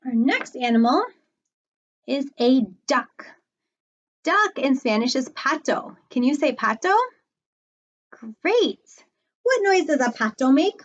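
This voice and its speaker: A woman librarian teaching small children animal words, slow and encouraging, with cheerful praise. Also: high-pitched, very animated, muffled recording.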